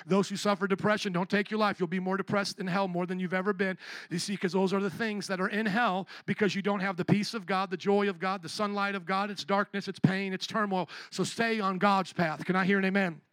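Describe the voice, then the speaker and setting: A high-voiced male pastor delivering an emphatic sermon. His tone is bright and forceful, and he calls out to his listeners. The sound is dry and close, with no room echo. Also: fairly even intonation, fairly quick.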